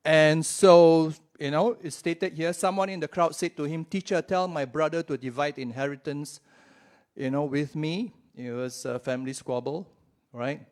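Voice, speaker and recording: A man's voice: on the high side, normal speed, darkish tone. A male pastor preaching a sermon in a church in a conversational way, often checking in with his listeners and drawing out key words for emphasis.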